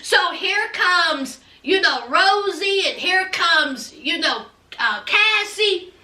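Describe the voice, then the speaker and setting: Casting: sassy, chatty TV recapper, high, bright voice, roomy echo. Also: female voice, lively intonation, slow, far from the mic. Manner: chatty, sassy, calls viewers child and honey. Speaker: TV recap vlogger. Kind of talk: animated casual recap.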